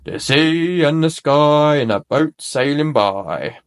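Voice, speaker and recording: Storybook read-aloud: a jolly old rabbit voiced by a man, hearty, high and bouncy. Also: expressive, clean tone. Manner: hearty, exclaiming, drawn-out delivery.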